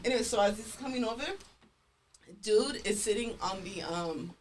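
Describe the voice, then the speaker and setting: A woman's voice: mid-range voice, normal speed, slight background noise. A woman co-hosting a podcast, telling a story in casual chat, swearing a lot and acting out what people said. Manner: animated, swears a lot, acts out quotes. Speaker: podcast co-host.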